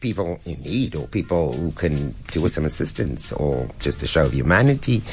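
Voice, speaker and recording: SA male guest, low register, expressive storyteller who mimics others. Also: normal speed. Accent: South African. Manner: expressive, slips into lively impressions of others. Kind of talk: animated interview talk.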